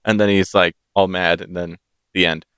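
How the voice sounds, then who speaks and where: A man's voice: low voice, flat delivery, normal speed, fairly bright tone, smooth, no room sound. A man from the United States co-hosting a podcast, casually retelling a fairy tale with playful put-on voices. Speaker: podcast co-host. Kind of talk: casual chat.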